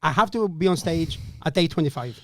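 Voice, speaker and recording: Animated high-voiced male storyteller. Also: a little fast, dry recording, clean studio sound. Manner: animated storyteller, swearing, acting out quotes. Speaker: comedian telling a gig story. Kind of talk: casual podcast anecdote.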